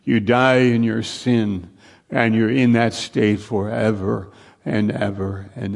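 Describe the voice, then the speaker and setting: A man preaching a sermon slowly and earnestly, repeating phrases for emphasis and often dropping to a hushed, low voice. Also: little pitch movement, gravelly. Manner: slow, earnest preaching with long pauses, sinking to a hushed low voice.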